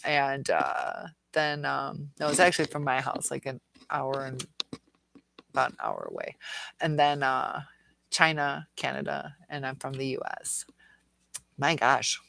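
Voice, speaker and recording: Her voice rumbles low, swings widely in pitch, and comes out a little slow, creaky, and fairly bright. She's a Detroit-area woman livestreaming casually from home, rambling through viewer comments with lots of fillers and cooing at her dog. The phone or webcam audio has no room sound.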